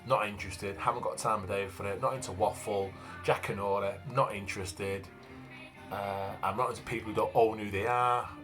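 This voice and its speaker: A man's voice: on the low side, fairly even intonation, fairly quick. A man in his fifties from Manchester with a broad Manchester accent, talking about himself in a blunt, plain-spoken casual monologue full of fillers. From Manchester, England. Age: 50s. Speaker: vlogger and author. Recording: faint background music.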